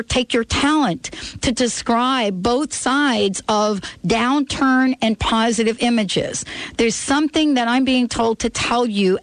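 A woman's voice: a little high, dry recording, poor audio. Earnest woman giving a card reading. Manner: earnest, insistent, repeats key phrases. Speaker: radio show host and intuitive card reader.

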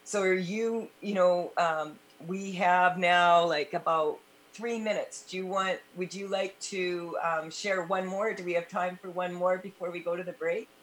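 A woman's voice: lowish voice, fairly even intonation, unhurried. A woman hosting a talk radio show, chatting with her guest with plenty of fillers and running the segment breaks. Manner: chatty, uses fillers like "you know" and "um". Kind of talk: casual radio interview.

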